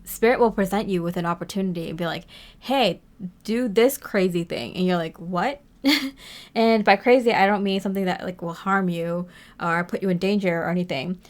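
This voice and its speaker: A woman's voice: on the low side, steady tone, fast. A woman giving a casual tarot reading to her viewers, chatty and rambling, with many fillers and frequent laughs. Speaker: tarot reader.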